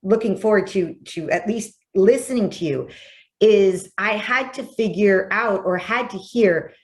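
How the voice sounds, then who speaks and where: A woman's voice: mid-range voice, unhurried. A woman hosting a podcast conversation, speaking effusively and enthusiastically with frequent restarts. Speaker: podcast host.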